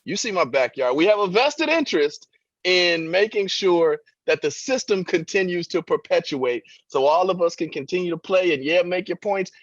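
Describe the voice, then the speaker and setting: A man's voice: sits high, animated, normal speed, no echo, dull audio. A man giving impassioned political commentary as a radio guest, with emphatic, preacher-like rhetoric.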